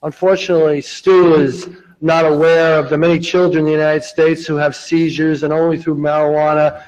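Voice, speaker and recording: Man giving public comment, somewhat high voice. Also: little pitch movement, brisk, darkish tone, poor audio. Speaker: public meeting speaker.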